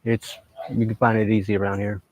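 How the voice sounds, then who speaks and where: A middle-aged man answering interview questions in a flat monotone with short replies. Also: on the low side, a little fast.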